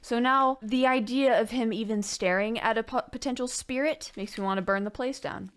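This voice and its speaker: A young gaming YouTuber unboxes birthday gifts in a casual vlog chat, gushing thanks and tossing in jokey asides. Her voice is a little high and fairly bright, at a moderate pace with hardly any pauses.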